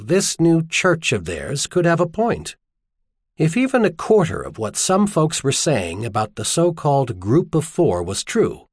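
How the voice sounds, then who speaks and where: A man narrating a novel as an audiobook in an expressive storytelling manner. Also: fairly high pitch, husky, dry recording, studio quality. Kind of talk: scripted narration.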